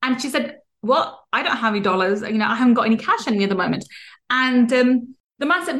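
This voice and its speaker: A woman's voice: a little high, expressive, quick pace, a bit bright. A woman hosting a podcast, giving an earnest motivational monologue with many restarts and fillers. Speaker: podcast host.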